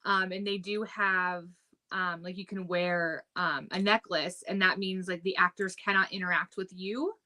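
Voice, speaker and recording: A woman's voice: on the low side, fairly even intonation, normal speed, pushed and bright. A young woman co-hosting a casual chat show, upbeat and laughing often, with lots of "um" and "like". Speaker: podcast co-host.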